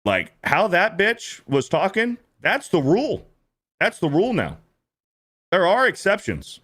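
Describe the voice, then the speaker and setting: A man's voice: high-pitched, unhurried. A man in his thirties hosting a stream, ranting in casual, profane reaction commentary and repeating himself often. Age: 30s. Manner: animated, repetitive, profane ranting. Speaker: streamer host reacting to clips.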